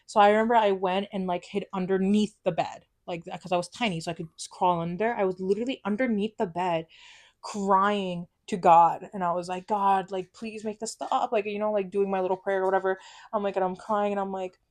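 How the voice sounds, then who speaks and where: A young woman co-hosting a podcast in casual chat, animated and laughing often, breaking into high squeals when excited. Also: a little fast. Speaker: podcast co-host.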